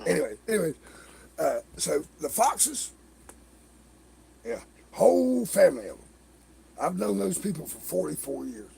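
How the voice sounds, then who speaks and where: A middle-aged man spins long stories on his livestream, with a gravelly, creaky voice that sits fairly high. His pitch swings widely as he acts out what others said, cursing and laughing along the way. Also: moderate pace, pauses often. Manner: animated, swearing, laughing storyteller who acts out others' lines. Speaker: livestream host. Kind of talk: casual storytelling chat.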